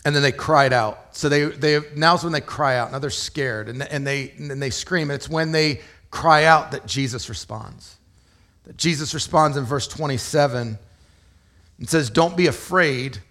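A man's voice: medium pitch, moderate pace, a bit bright. A man preaching a sermon as pastor, explaining scripture in a conversational way and asking rhetorical questions.

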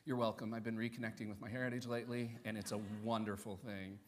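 A man preaching as pastor in a church service, rising to loud, animated peaks and dropping soft for solemn points. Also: on the low side, fast. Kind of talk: sermon. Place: church sanctuary during a service.

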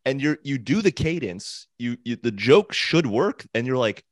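A man co-hosting a comedy podcast, telling stories in an animated way. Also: mid-range voice, moderate pace, dry recording, clean studio sound. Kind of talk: casual podcast chat.

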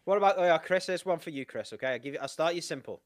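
A man's voice: a little high, lively intonation, very fast, no room sound, clean studio sound. A man co-hosting a comedy podcast, joking and teasing the others in casual banter. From Britain. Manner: jokey, teasing, puts on silly accents. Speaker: co-host.

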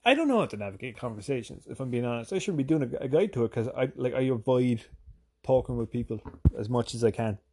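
A man from Ireland with a softened Irish accent, rambling through a casual, profane, self-deprecating vlog monologue. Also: mid-range voice, expressive, quick pace, husky. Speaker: vlogger.

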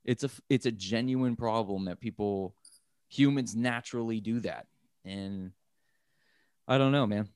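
A man's voice: fairly low pitch, a little slow, pauses often, clean tone, no room sound, studio quality. An American man co-hosting a casual podcast chat, rambling and swearing as he talks. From United States. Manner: profane, rambling, animated. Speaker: podcast co-host.

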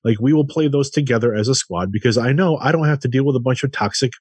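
A man in his forties in casual podcast chat, talking in a reflective, measured way. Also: medium pitch, darkish tone, breathy edge, no room sound, clean studio sound. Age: 40s.

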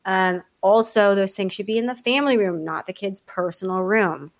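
A middle-aged woman chatting casually on a podcast, an animated storyteller who acts out the people in her stories and laughs often. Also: mid-range voice, moderate pace, no room sound. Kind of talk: casual chat.

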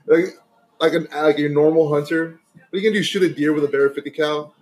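A man chatting casually with friends, joking around and swearing freely in lively banter. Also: fairly high pitch, quick pace. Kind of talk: casual chat among friends.

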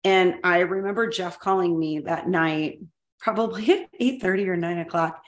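A middle-aged woman talks through an old work story on a casual podcast. Her voice sits a little low, and she is candid and ready to laugh at her own mistakes. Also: normal speed, roomy sound. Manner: candid, self-deprecating, laughs at herself. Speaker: podcast co-host, former school superintendent.

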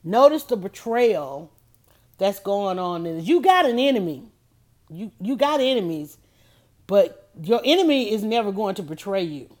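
A woman's voice: medium pitch, very animated, measured pace, darkish tone. A woman hosting a casual motivational talk, emphatic and preachy, repeating her points. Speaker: host.

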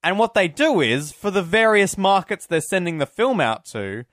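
Excitable man, film podcast chat. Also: high voice, normal speed, no room sound, studio quality. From Australia. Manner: excitable, laughs often, thinks aloud. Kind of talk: casual chat.

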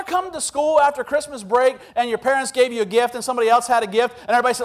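A man with a high-pitched voice delivers a sermon. He tells funny stories and acts out quotes in an animated way before turning serious. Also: racing, hardly any pauses. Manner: humorous, animated preaching with acted quotes. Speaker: pastor.

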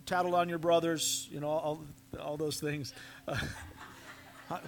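Male pastor, unhurried earnest sermon delivery, sits a bit high, drops to near-whispers. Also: flat delivery, vocal fry. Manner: slow, earnest preaching, dropping to near-whispers. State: coughing, fighting a sore throat.

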